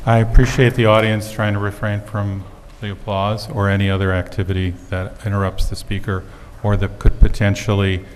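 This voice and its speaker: A man chairs a council meeting in a calm, procedural manner. His voice is low and flat, with long echo from the chamber. A faint hiss sits under the speech. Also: normal speed, hardly any pauses.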